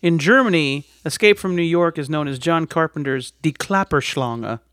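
A man's voice: fairly high pitch, moderate pace, a bit bright, no room sound, studio quality. A man co-hosting a podcast, chatting playfully, sharing trivia and doing mock voices. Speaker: podcast co-host. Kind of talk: casual chat.

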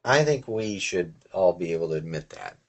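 A man's voice: low voice, lively intonation, moderate pace. A man co-hosting a podcast in casual chat who cracks wry, dry jokes. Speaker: podcast co-host.

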